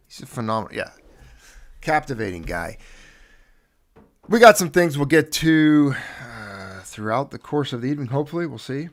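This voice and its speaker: Hosting a livestream, a man with a mid-range, fairly bright voice chats informally with live viewers and welcomes each of them individually.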